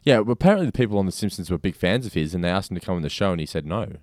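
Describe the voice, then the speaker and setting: Australian male co-host, low-ish voice, quick and animated, dry studio sound. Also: no room sound. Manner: animated storyteller, acts out his own thoughts. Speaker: podcast co-host. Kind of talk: casual chat.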